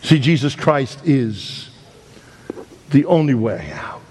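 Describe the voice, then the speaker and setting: A man's voice: medium pitch, big pitch swings, slow, pauses often, darkish tone, breathy edge. A man preaching a sermon, emphatic and repetitive, telling a story to his congregation. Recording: long hall reverb.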